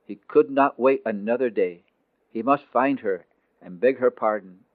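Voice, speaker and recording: Man reading a dramatic story aloud. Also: mid-range voice. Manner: expressive, slowing on emotional phrases. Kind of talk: dramatic scripted narration. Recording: tinny phone-like dry recording.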